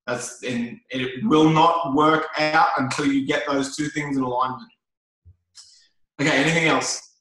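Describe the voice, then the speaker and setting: A man's voice: fairly high pitch, fairly even intonation, measured pace, fairly bright tone, a little hiss or hum. Casual man in a very echoey room. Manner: casual, repetitive, many fillers and restarts. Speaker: network marketing trainer. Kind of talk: motivational talk to a group.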